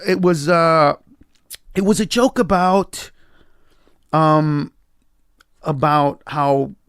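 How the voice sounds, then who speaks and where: A man, a comedian guest on a podcast, telling a story in an emphatic, profane way and acting out quoted lines with sudden jumps in pitch. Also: very slow, fairly bright tone, smooth, no echo, studio quality.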